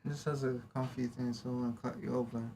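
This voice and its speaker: A man's voice: medium pitch, level tone, quick pace, dark tone. A man co-hosting a casual podcast, mostly giving short reactions and jokes. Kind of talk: casual chat. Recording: faint background noise.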